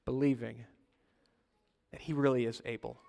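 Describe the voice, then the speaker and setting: A man's voice: flat delivery, normal speed, creaky. Earnest preacher man in a reverberant hall. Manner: earnest, swinging from loud urging to soft low pleading. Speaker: pastor. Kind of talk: sermon.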